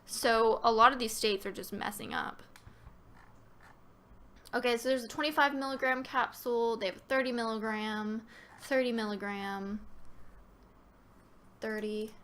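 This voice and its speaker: Bright-voiced woman hosting a casual Q&A. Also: a little high, fairly even intonation, a little slow, pauses often. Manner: chatty and loose, many fillers and restarts; reads viewer questions aloud. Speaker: live stream Q&A host. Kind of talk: casual live-stream Q&A, answering viewer questions.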